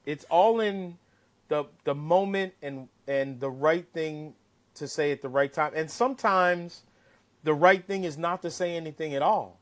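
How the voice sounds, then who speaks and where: Animated man telling a profane story. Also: a little high, measured pace. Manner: animated, profane, acts out quotes. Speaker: caddie-turned-broadcaster guest. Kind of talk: casual storytelling.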